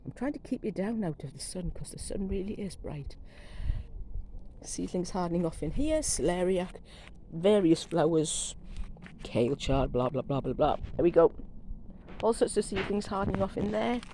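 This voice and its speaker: This middle-aged woman has a lowish, dark-toned voice with lively intonation and a moderate pace. As a gardening vlogger, she strolls round her back garden filming on a carried phone camera, rambling and gushing over plants while coming down with a cold; the rough recording has a little hiss or hum.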